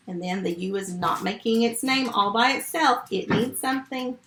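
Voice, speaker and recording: A woman's voice: on the high side, expressive, fairly bright tone, echoey room. A woman teaching a first grade phonics lesson remotely, patient and step by step. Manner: slow, patient, step-by-step teaching to young children.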